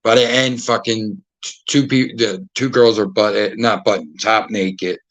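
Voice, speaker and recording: A man's voice: fairly low pitch, steady tone, measured pace, a bit bright, no room sound, low-quality recording. A man, a podcast host telling casual stories full of swearing and acting out other people's lines. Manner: profane, acts out quoted voices. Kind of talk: casual storytelling.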